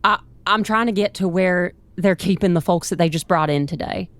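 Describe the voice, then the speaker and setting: A woman's voice: on the low side, normal speed, no echo. A woman, playing a tabletop game in a chatty, laughing, playfully bluffing way. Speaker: player.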